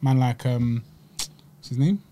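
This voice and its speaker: A man's voice: mid-range voice, a little slow, dark tone, slight background noise. A man, originally from Egypt, hosting a podcast in chatty, slang-heavy casual talk. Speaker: podcast host. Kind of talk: casual chat, food review.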